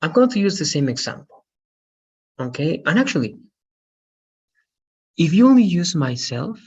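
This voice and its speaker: Gravelly-voiced male English teacher. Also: medium pitch, darkish tone. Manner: patient, repeats checks like "right?" and "okay?". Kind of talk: online class explanation. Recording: muffled lo-fi audio.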